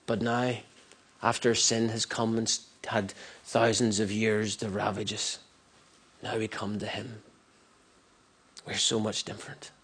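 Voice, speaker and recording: A man's voice: lowish voice, level tone, a little slow, long pauses, fairly bright tone, husky. A man preaching a sermon earnestly, repeating phrases for emphasis and often restarting mid-sentence. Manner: many restarts and stumbles.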